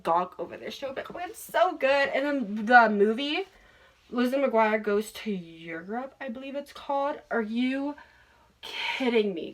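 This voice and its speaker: Young woman host, excitable and gushing, casual swearing chat, slightly high pitch. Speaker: podcast host.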